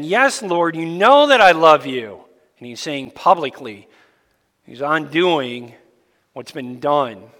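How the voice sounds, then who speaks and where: A man preaching a sermon as pastor, explaining scripture in a deliberate, emphatic way. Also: medium pitch, bright, forceful tone. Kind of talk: expository sermon. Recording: long reverb in a large hall.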